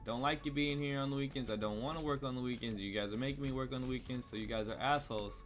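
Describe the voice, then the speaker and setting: A man's voice: mid-range voice, quick pace. A young man vlogging, telling a heated, rambling story full of swearing while he plays a game. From United States. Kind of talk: casual storytime rant while gaming. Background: faint cello music.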